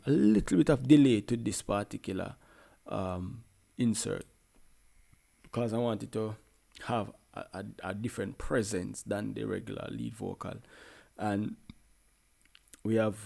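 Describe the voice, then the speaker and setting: A man's voice: on the low side, creaky, mellow. A man with a Jamaican accent, a music producer talking casually through a tutorial in a laid-back way. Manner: laid-back, peppered with "you know what I mean".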